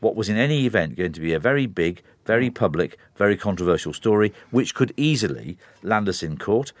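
A man commenting on the media in a studio discussion, speaking forcefully with frequent restarts and interruptions. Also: lowish voice, animated, a little fast. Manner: forceful, interrupts, talks in bursts with many restarts.

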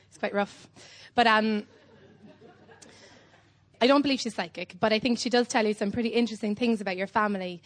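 A young Irish woman doing standup on a club stage, telling a whimsical, rambling story in a deadpan way, with lots of ums. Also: fairly high pitch. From Ireland. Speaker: standup comedian. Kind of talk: live standup set.

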